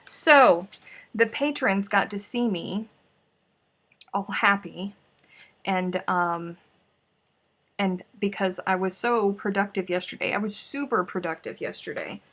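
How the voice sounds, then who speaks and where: Woman, live-stream crafter, scattered chatty self-talk, unhurried pace, bright tone. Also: medium pitch. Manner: chatty, scatterbrained, talks to herself. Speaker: crochet livestream host. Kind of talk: casual live-stream chat.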